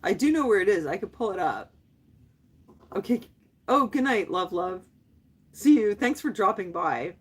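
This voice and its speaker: Fifty-ish lady on a livestream, kinda raspy, chatty and jokey, tosses in french bits. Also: medium pitch, lively intonation, normal speed, pauses often. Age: 50s. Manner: chatty and playful, often laughing, mixes in French phrases. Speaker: livestream host chatting with viewers. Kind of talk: casual live chat.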